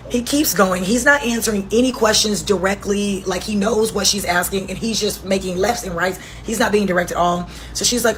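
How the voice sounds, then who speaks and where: A woman retelling an interview on a casual talk show, animated and exasperated. A faint hum sits behind her voice. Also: medium pitch, a little fast, hardly any pauses, low-quality recording. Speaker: co-host.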